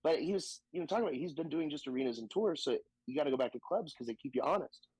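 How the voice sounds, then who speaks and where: Telling stories in an easygoing podcast chat, this Southern American comic is animated, curses a lot, and switches into quoted voices. His pitch is fairly high, his pace quick, and his tone husky. There's no room sound, though the recording quality is low.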